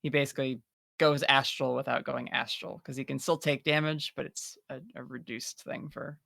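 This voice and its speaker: A man's voice: medium pitch, little pitch movement, moderate pace, creaky, pushed and bright, dry recording, clean studio sound. A player in a tabletop game, a man describing his character at length in a rambling, filler-heavy way.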